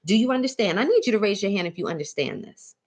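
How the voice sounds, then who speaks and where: A woman's voice: mid-range voice, animated, quick pace, a little mellow. Coaxing woman teaching a mindset lesson. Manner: checks in often with "right?" and "okay?"; coaxing, calls listeners "baby". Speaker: mindset coach. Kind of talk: motivational teaching talk.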